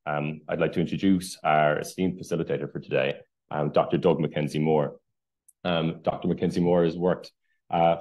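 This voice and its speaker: Male webinar host, very deep, halting delivery. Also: a little mellow. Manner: hesitant, many ums. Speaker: webinar moderator. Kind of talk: introducing a speaker.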